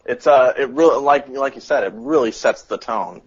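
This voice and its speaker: A man hosting a casual podcast chat, retelling a story with lively acted-out quotes. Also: medium pitch, moderate pace, breathy edge. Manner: animated retelling, acts out quotes. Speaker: podcast host. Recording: dull lo-fi podcast audio.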